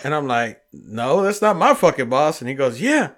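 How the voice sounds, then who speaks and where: A young man with a drawl tells work stories in a loose, cursing way. His voice sits at an ordinary middle pitch. He acts out the other people in his tales. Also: expressive, normal speed, fairly bright tone. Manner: profane storyteller, acts out quoted people. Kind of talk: casual chat.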